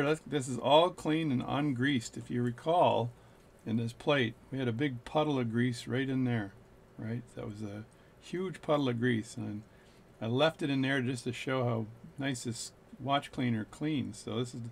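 Middle-aged male watchmaker, casual bench play-by-play, slightly gravelly. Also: mid-range voice, slight background noise. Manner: chatty, joking, narrates as he works. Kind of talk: workbench play-by-play chat.

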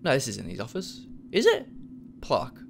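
A man's voice: medium pitch, huge pitch swings, normal speed, vocal fry, a little hiss or hum. A young man casually commenting on a game he plays, swearing a lot and joking about himself. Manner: profane, self-deprecating, jokey. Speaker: let's play gamer.

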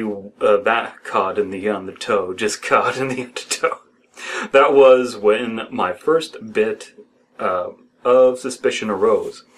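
Lower-pitched man joking while reading aloud. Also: a bit bright. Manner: wry, jokey asides, stumbles over words. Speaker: co-host reading horror stories aloud. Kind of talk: casual reading and joking commentary.

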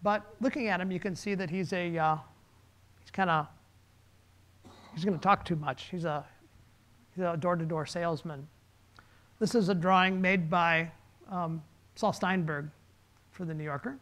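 Man giving a relaxed slide talk. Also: high voice, normal speed, pauses often. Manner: conversational, relaxed, with fillers.

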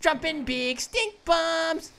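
A woman voicing an excitable, goofy cartoon grape who gives let's-play commentary as a gaming channel host. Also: very high voice, takes it slowly, a little hiss or hum, exaggerated voice. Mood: excited. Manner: excitable, exclaims and laughs, cartoonish.

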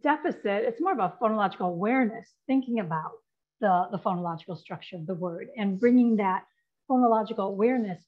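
Woman teaching, dull lo-fi audio. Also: medium pitch. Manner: explanatory, checks in with "right?" and "okay?". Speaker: literacy educator presenting. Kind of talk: instructional presentation.

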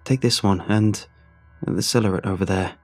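A man's voice: lowish voice, fairly even intonation, normal speed, soft background music, lightly acted. A man voicing a well-spoken young male mover who asks polite, curious questions.

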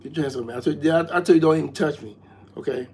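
A man's voice: on the high side, racing, a little mellow. A man in a comedy skit, stammering and repeating words as he launches into profane rants.

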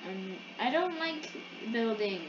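A woman with a fairly high voice chats offhandedly and teases the player beside her. Her mic sounds roomy and muffled, and a clear hiss sits under every word. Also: expressive, slow. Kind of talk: casual chat. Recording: echoey, muffled, noisy mic.

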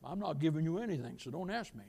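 A male pastor preaching a sermon in a church, emphatic, calling out to the congregation and swinging between loud emphasis and quiet asides. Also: on the high side, animated, fast talker, vocal fry, slightly rough.

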